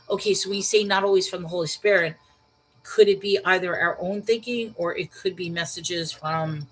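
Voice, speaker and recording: A woman's voice: mid-range voice, fairly bright tone, rough recording. A woman hosting a casual livestream about Bible study, reading viewer comments and thinking aloud with fillers and restarts. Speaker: livestream host reading chat.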